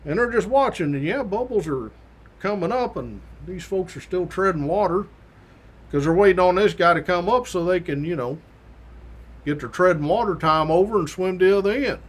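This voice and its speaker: A man's voice: sits high, animated, normal speed, slightly rough. A man hosting his own show, telling a story from his academy days in a casual, folksy way with mild swearing and acted-out quotes. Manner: acts out the quoted voices of others.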